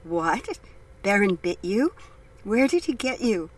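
A woman's voice: medium pitch, sing-song, slow, rough recording. A woman reading the lines of a blind male judge who is shaken and apologetic, in an earnest, distressed way.

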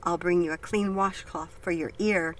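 A woman voicing a blind judge in an audiobook, earnest and distressed, apologizing again and again. The reading stays low and close to her own narrating voice. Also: fairly even intonation, moderate pace, close to an everyday voice, low-quality recording.

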